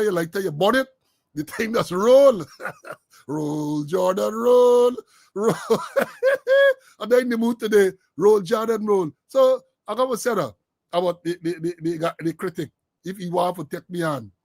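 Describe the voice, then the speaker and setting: Hosting an online talk show, an older Caribbean English-accented man spins a long story with jokes and laughter in casual commentary. His voice sits high and sing-song at normal speed, with no room sound.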